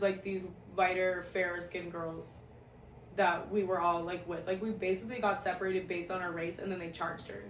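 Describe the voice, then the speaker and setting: Young woman telling a profane story. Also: mid-range voice. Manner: profane, animated, laughing often. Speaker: storyteller vlogger. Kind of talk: casual storytime monologue. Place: at home, indoor room. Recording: echoey room, distant mic, faint hiss.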